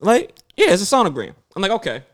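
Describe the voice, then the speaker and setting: A man in his thirties, pitched a little high, spins a story in loose conversation. He acts out everyone's lines in lively bursts and curses freely. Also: fast talker. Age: 30s. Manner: animated, acts out other people's lines, swears freely. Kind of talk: casual storytelling chat.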